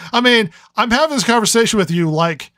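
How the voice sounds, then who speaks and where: A man's voice: very high-pitched, fairly bright tone, dry recording, studio quality. A man co-hosting a podcast review in casual chat, rambling and riffing with lots of stammered restarts. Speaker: podcast co-host.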